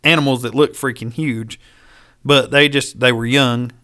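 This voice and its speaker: A man's voice: mid-range voice, moderate pace. A man telling a hunting story in casual, profane talk, acting out the lines of the people in it. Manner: animated, profane, acts out quoted dialogue.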